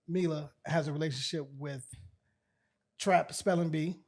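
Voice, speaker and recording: A man's voice: a little high, steady tone, a little slow. A man co-hosting a casual podcast who repeats his phrases and bursts out laughing. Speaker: podcast co-host. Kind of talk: casual chat.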